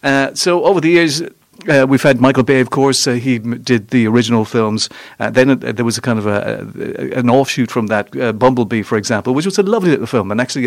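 A man's voice: mid-range voice, no room sound, studio quality. A man reviewing a film on the radio in a casual, rambling way, often asking "you know what I mean". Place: radio studio.

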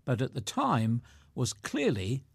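A man presenting between readings, in a lively and wry storytelling way. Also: medium pitch, takes it slowly, gravelly, husky, no room sound.

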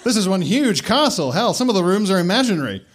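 A man's voice: high-pitched, very animated, quick pace, voice pushed up. A man doing a crude, laid-back old headmaster wizard. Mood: gleeful. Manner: laid-back, swearing, chuckling.

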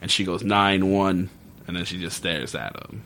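A man's voice: deep voice, brisk, gravelly. A man hosting a casual podcast, animatedly retelling a TV episode, swearing freely and acting out the characters' lines. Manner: animated and profane, acting out quotes.

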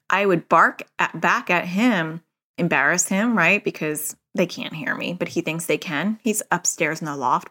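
A woman's voice: lowish voice, fairly bright tone. A middle-aged woman hosting a parenting podcast, talking in a casual, chatty way full of "like" and "you know".

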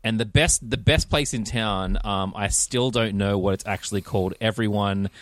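An Australian man hosting a casual podcast, with a lowish voice. His delivery rambles and hesitates, full of fillers and self-mocking asides. The sound is dry and close. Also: moderate pace, fairly bright tone, no echo. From New South Wales, Australia. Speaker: podcast host.

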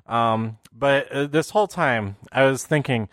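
A man in a loose, rambling recap, stumbling through restarts and fillers before landing on his point. His voice sits at an ordinary middle pitch. The sound is close and dry, with no room around it. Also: measured pace, fairly bright tone, no echo. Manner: puts on silly voices for quotes. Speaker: wrestling recap host. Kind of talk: casual show recap.

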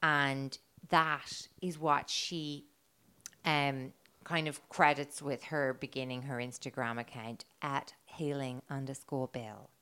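A low-pitched woman co-hosting a casual podcast, chatty and giggly as she tells the story. She swears freely and keeps talking at an easy conversational clip. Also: steady tone, slow pace, bright, forceful tone, smooth. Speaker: podcast co-host telling the story.

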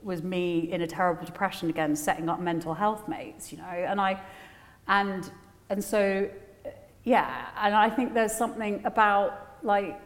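A woman speaks on stage in a candid, rambling, self-deprecating way, full of fillers and restarts. Her voice sits at an ordinary pitch. The sound carries a long hall reverb from the live venue. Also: fairly even intonation, moderate pace. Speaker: author guest. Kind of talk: candid conversation at a live festival event. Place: large venue with a live audience.

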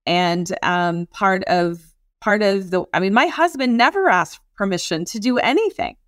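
A woman's voice: mid-range voice, animated, normal speed, a bit bright, dry recording. Emphatic woman podcast co-host, dry sound. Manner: emphatic, encouraging, frequent affirmations. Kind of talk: casual podcast chat.

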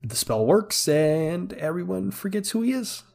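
A man's voice: high-pitched, very animated, a little slow, vocal fry, darkish tone. Chatty man recapping a movie plot. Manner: rambling recap with frequent fillers and laughs. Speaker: podcast co-host. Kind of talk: casual movie review chat.

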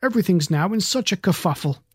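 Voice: mid-range voice, expressive, quick pace, husky, dry recording. A narrator voicing a flustered, portly, bald older man who keeps the stars, talking in a fussy, polite way with fancy words.

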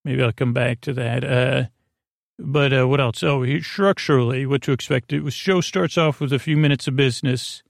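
A man hosting a sleep podcast, talking in creaky, soothing tones with rambling, filler-heavy bedtime talk. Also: medium pitch, moderate pace, no room sound, studio quality. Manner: rambling, full of fillers and tangents.

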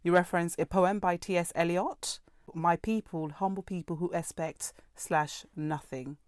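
A woman with a slightly low voice leads a literary interview, framing careful, analytical questions. Her voice sounds dry and close to the mic. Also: steady tone, moderate pace, darkish tone, dry recording.

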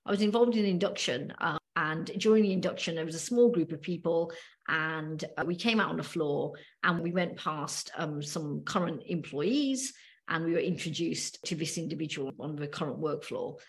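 A middle-aged woman with a British accent, co-hosting a podcast and telling a story slowly with many pauses and fillers. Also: deep voice. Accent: British English. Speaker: podcast co-host. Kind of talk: casual podcast discussion.

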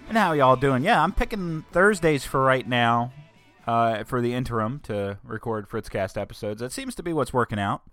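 A man's voice: medium pitch, lively intonation, normal speed, fairly bright tone, faint music behind. A young man from northern Delaware hosting his own podcast, rambling in a casual chat with self-corrections and joking asides. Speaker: podcast host. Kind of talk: casual solo podcast monologue.

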